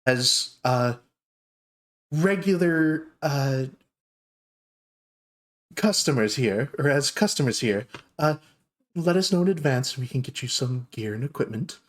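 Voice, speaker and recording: A man voicing an eager young female dwarf blacksmith in a tabletop game, with a bubbly, quick sales patter. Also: mid-range voice, expressive, natural voice. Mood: eager, friendly.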